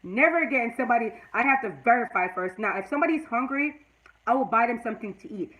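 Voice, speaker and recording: A woman's voice: fairly high pitch, fast, fairly bright tone, rough recording. A woman in her forties talking to her live chat in a personal vlog, earnest and at times tearful, then emphatic and preachy. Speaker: YouTube vlogger.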